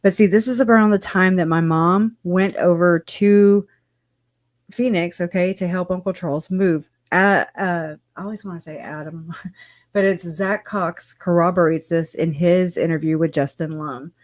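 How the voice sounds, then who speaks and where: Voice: medium pitch, steady tone, a little slow, no echo, studio quality. A livestream host in casual commentary who rambles, swears now and then and laughs often, talking at a computer at home.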